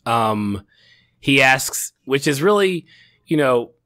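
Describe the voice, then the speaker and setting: A man's voice: medium pitch, lively intonation, takes it slowly, a bit bright, no echo, clean studio sound. A middle-aged man co-hosting a casual TV review chat, rambling with frequent restarts and laughter. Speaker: podcast co-host.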